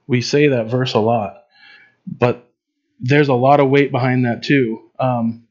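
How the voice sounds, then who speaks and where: A man delivers informal Bible teaching in a conversational preaching style, full of fillers and restarts. His mid-range voice is steady, unhurried, and darkish in tone, and the audio is dull.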